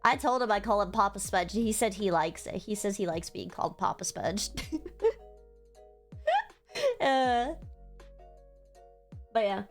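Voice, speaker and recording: A woman's voice: medium pitch, a little slow, pauses often. A young woman streamer telling a story in casual, rambling livestream chat, emotional and swearing freely. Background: faint music.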